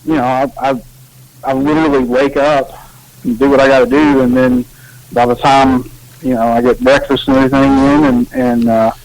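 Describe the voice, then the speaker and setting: A man chatting casually as a podcast co-host, rambling and relaxed, with many restarts. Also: medium pitch, moderate pace, vocal fry, low-quality recording. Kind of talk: casual chat.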